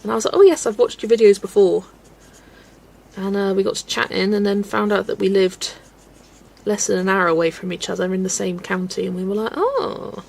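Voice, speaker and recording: English woman chatting on her colouring stream, laughs a lot, bit of vocal fry. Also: mid-range voice, little pitch movement, fast talker. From England. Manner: chatty, giggly, storytelling. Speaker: colouring livestream host. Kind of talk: casual chat while colouring, reading chat.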